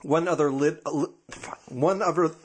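A man's voice: fairly high pitch, normal speed, slight background noise. A man co-hosting a podcast in casual banter, often tripping over words and cursing. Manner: swears and stumbles over words. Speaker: podcast co-host.

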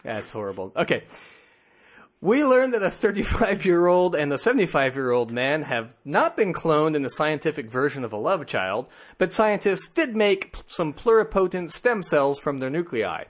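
Joking podcast host guy, high-ish voice bouncing all over, laughs a lot. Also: sing-song, normal speed. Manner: jokey, laughs often, playful. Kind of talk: casual podcast chat.

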